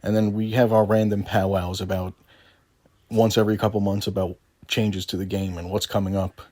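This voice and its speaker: A man's voice: on the low side, flat delivery, moderate pace, a little mellow, no echo. A man giving sarcastic, taunting commentary over a screen recording, swearing often. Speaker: gaming video creator.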